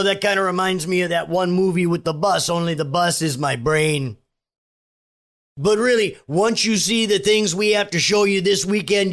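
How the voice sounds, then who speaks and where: A man impersonating an unhinged, rambling pillow-selling conspiracy pitchman with a put-on Minnesota accent. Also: vocal fry, a bit bright.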